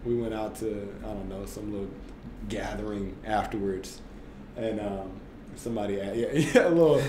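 Low-voiced man telling lively stories. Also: moderate pace, noisy background. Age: 30s. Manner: animated, laughing, filler-heavy with frequent "like" and "right?". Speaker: guest, former basketball player. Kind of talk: casual storytelling in conversation. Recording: roomy echo.

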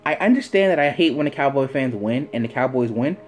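A man's voice: mid-range voice, quick pace, faint music behind. A man giving an opinionated sports commentary rant, firing off rhetorical questions and repeating phrases for emphasis. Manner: animated, fires off rhetorical questions. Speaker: sports vlogger.

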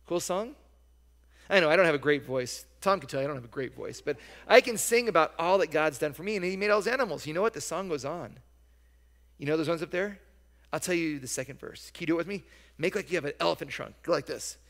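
A man leading a children's message in church, speaking gently and coaxingly, and singing a simple song slowly with hand motions. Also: fairly high pitch, expressive, creaky. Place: church sanctuary. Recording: long church reverb.

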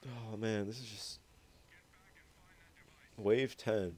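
Laid-back, swearing young gaming commentator. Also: male voice, fairly low pitch, steady tone, extremely slow, a little mellow, slight background noise. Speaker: gaming YouTuber. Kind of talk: gameplay commentary over footage.

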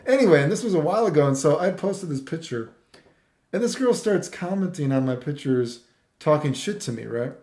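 A man's voice: a little high, lively intonation, a little fast, a little mellow. Profane, ranting man in an echoey room. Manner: profane, repetitive, says "dude" constantly. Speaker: vlogger. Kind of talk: casual rant. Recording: roomy echo.

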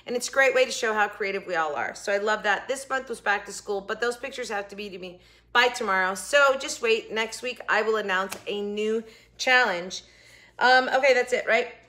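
Bright chatty woman vlogger. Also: medium pitch. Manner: chatty and jokey, quick asides, trails into whispers. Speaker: vlogger hosting a food review. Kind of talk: casual chat to camera.

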